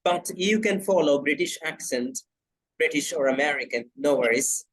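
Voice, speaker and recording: A man's voice: a little high, moderate pace, poor audio. A man hosting an online English class over a video call, moderating turns and prompting speakers. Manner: directive, moderating turns, frequent fillers.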